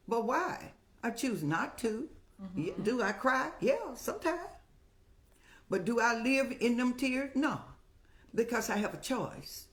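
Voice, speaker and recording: An older woman hosting a show, giving motherly, preachy advice in a folksy way and telling stories with lively rises in pitch. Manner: folksy, preachy, calls listeners child; animated storytelling with rising pitch. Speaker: host answering viewer questions.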